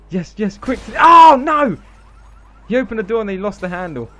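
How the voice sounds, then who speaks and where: A man hosting a gameplay session, with a high voice that swings wildly in pitch. He talks slowly and with a bright, clear tone, laughing and exclaiming at every mishap. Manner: laughs constantly, exclaims and swears. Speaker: gaming video host. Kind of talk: excitable live gameplay chat.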